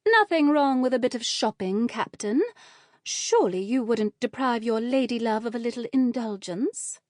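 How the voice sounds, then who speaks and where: A woman's voice: a little high, animated, normal speed, a little mellow, no room sound, clean studio sound, lightly acted. A woman playing a brash, flirty tavern wench. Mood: playful.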